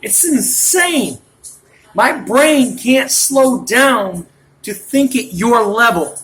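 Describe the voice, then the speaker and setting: A man's voice: very high voice, animated, drawn-out words, fairly bright tone, low-quality recording. A man in his late thirties delivering a ranting monologue, worked up and jumping from point to point as he talks. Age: late 30s. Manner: worked up, rambling, jumps between points.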